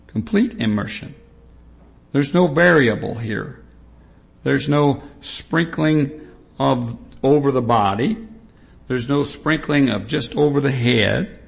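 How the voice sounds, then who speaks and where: A male preacher delivers a sermon with scripture readings, repeating key points with steady emphasis. His voice is gravelly and his delivery unhurried, drawn out and deliberate. He speaks at a mid pitch. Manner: slow, emphatic and repetitive.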